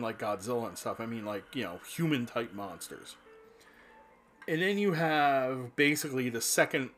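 A man in his fifties from New Jersey, rambling nostalgically in a casual spoken monologue, with restarts and the odd curse. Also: medium pitch. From New Jersey, USA. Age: 50s. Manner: rambling, nostalgic, profane, self-interrupting.

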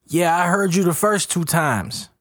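A man's voice: medium pitch, no room sound, studio quality, pitched above the performer's own voice, lightly acted. A man voicing a frantic young man insisting he is being chased. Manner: rushed, insistent.

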